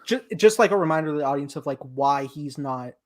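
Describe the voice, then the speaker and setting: Excitable man reviewing a movie. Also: a little high, fairly quick. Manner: excited, laughing, swearing. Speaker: podcast host. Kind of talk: casual movie review chat.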